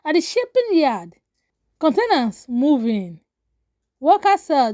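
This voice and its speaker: Brief: woman storyteller, high animated voice, punchy dramatic lines. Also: slow pace, no room sound, studio quality. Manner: dramatic, short declarative lines. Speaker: narrator. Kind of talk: scripted story narration.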